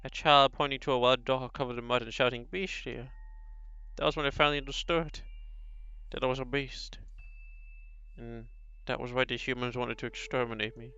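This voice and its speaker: Man reading brooding beast longing to be human, visual novel, slow solemn pauses, gravelly edge, dull lo-fi stream audio. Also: mid-range voice, steady tone, pushed and bright, no room sound. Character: brooding male beast who longs to be human.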